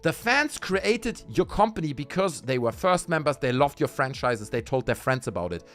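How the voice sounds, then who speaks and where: Animated, swearing livestream host ranting. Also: male voice, mid-range voice, normal speed, faint music behind. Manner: heated, profane, talking straight to chat. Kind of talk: casual livestream rant.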